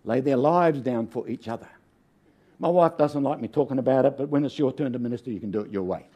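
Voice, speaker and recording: A man's voice: mid-range voice, fast talker, mellow. An older man with an Australian accent, a guest preacher giving a sermon full of stories, jokes and calls for an amen. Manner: folksy, humorous, calls out for amens. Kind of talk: sermon with storytelling.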